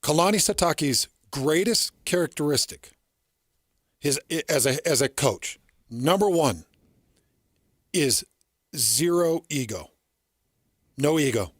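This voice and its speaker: A man's voice: on the high side, lively intonation, slow pace, long pauses, slightly rough, no echo. Man, sports radio host, middle-aged, earnest storyteller, dry studio sound.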